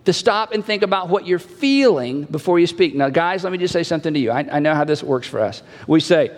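A man's voice: a little high, expressive, a little fast, hardly any pauses. A male pastor preaching a sermon in a conversational way, repeating key phrases and acting out quoted dialogue. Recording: long hall reverb.

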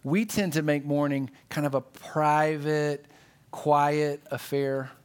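Earnest preaching man, slightly high voice. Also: steady tone, slow, clear, resonant tone. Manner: earnest, conversational preaching, emphatic repetition. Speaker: pastor. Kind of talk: sermon.

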